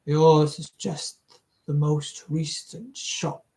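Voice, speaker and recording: Reader voicing a massive, terse warrior, low and hushed, slow and grim. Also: fairly even intonation. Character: huge quiet man bent on a hopeless war.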